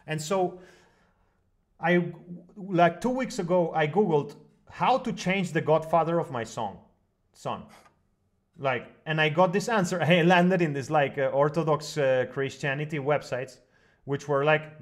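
A man telling a long personal story as a guest on an online broadcast, talking in animated bursts full of fillers and restarts. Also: a little high, a little slow. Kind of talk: long rambling personal story in casual discussion.

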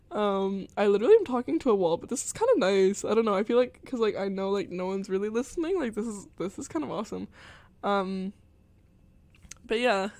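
A woman's voice: medium pitch, darkish tone, no room sound. Rambly young woman radio host, dry sound. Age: young adult. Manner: rambling, filler-heavy, giggly. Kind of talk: casual chat. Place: college radio studio.

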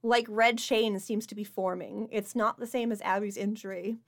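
A woman's voice: mid-range voice, steady tone, moderate pace, creaky. A woman narrating as game master of a tabletop role-playing game, laughing easily between descriptions. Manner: laughs often while narrating.

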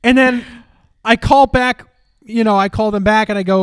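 A man on a podcast, telling a story in casual chat, animated and swearing, acting out the people he called. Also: high voice, moderate pace, clear, resonant tone, no room sound. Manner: animated, swearing, acts out phone calls. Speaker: podcast co-host.

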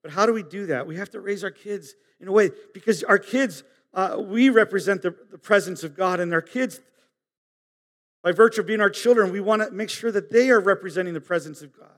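A man preaching a sermon, earnest and halting, swinging from emphatic high peaks down to soft low asides. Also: in a large hall. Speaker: pastor.

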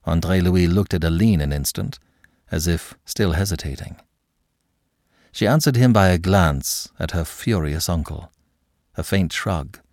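Low-voiced man narrating a classic novel. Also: no echo, studio quality. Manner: expressive, dramatic reading. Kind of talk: audiobook narration.

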